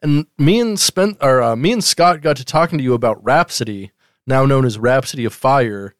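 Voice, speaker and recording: A man's voice: medium pitch, moderate pace, no echo, clean studio sound. A man in his thirties co-hosting a podcast, chatting casually, rambling and swearing freely. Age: 30s. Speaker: podcast co-host.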